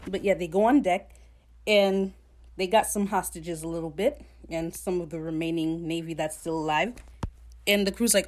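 A woman casually recapping a TV episode, blunt and profane, jumping into quick character voices as she retells scenes. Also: on the low side, darkish tone. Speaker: podcast host recapping a TV episode.

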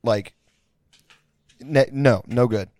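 A man's voice: medium pitch, drawn-out words, a little mellow, dry recording. Crude rambling man from Houston, dry sound. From Houston, Texas. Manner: crude, rambling, heavy on filler words. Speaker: storyteller. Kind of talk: casual storytelling.

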